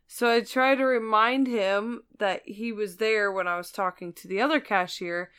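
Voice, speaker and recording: A woman's voice: medium pitch, steady tone, moderate pace, fairly bright tone, clear, resonant tone. A woman in her thirties, co-hosting a casual storytelling chat, who often laughs as she tells her own stories. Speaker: storyteller and co-host.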